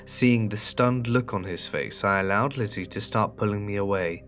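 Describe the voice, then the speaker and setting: A man narrating a horror story in a measured, scripted way, slowing at tense moments. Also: fairly low pitch, a bit bright, faint music behind.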